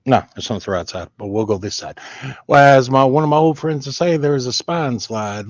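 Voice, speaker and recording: A man's voice: mid-range voice, expressive, moderate pace, no room sound. A man chatting casually on a live stream, rambling in a folksy way as he talks to viewers. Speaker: comic book collector hosting a live stream. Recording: dull lo-fi dry sound.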